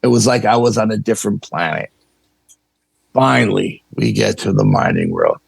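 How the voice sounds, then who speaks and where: A man's voice: on the low side, normal speed, gravelly, slightly rough, dry recording. A man, a podcast guest casually recounting a story and acting out the dialogue. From New York. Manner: animated, acts out dialogue in the story. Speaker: podcast guest, paranormal investigator.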